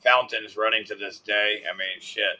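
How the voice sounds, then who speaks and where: A man's voice: on the low side, fairly even intonation, normal speed, pushed and bright, faint music behind. A man co-hosting a casual chat, crude and mocking, with a lot of swearing.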